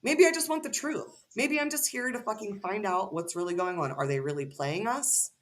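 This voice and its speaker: A woman's voice: medium pitch, normal speed. A woman as a podcast guest, ranting heatedly and cursing freely in casual conversation.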